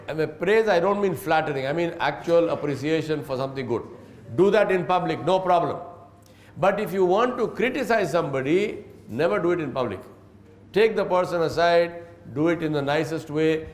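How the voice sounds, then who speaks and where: A man teaching as an Islamic scholar, with a voice sitting a little high for a man. He lectures earnestly, weaving in stories and chuckling through them. The sound carries a roomy echo. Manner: earnest, storytelling, chuckles when recounting. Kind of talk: religious lecture with anecdotes.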